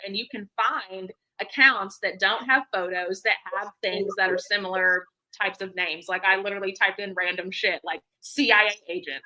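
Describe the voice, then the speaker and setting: A woman co-hosting a casual livestream chat from home, rambling and animated. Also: medium pitch, low-quality recording. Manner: rambling, animated, talks to her dog. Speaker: co-host. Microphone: headphones with computer mic.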